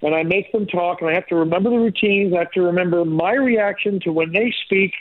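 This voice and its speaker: A man, a comedian and ventriloquist, chats playfully as a radio guest. His voice sits high for a man. The audio is dull and lo-fi, like a radio. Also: brisk. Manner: chatty, playful. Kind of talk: radio interview chat.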